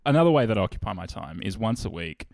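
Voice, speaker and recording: A man's voice: fairly low pitch, big pitch swings, quick pace, vocal fry, a little mellow, no echo. Dry-humored man hosting. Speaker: comedy podcast host. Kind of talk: casual chat.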